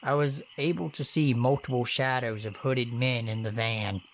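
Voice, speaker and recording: A man reading true scary stories aloud in the first person, his voice pitched in an ordinary middle range. He tells them steadily and earnestly, with the odd casual curse. Faint crickets and insects chirp in the background. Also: fairly even intonation, moderate pace, slight background noise. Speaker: horror story narrator. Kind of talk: first-person horror story narration.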